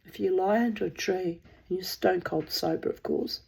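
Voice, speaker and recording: A woman's voice: lowish voice, steady tone, normal speed, gravelly, darkish tone, breathy edge. A woman telling a personal story in a candid, rambling way, swearing freely. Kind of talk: casual spoken storytelling.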